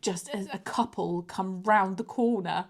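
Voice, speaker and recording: A woman co-hosting a podcast, telling a confessional story with hushed asides. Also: medium pitch, unhurried. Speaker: podcast co-host. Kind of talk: casual chat.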